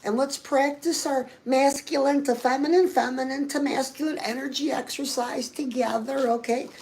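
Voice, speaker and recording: Loud music sits under the poor audio as a woman, in a high-pitched voice with vocal fry, fairly even intonation, and a moderate pace, plays a chirpy, pushy lifestyle guru. In this comic monologue she gushes at the viewer and keeps addressing her as "girl."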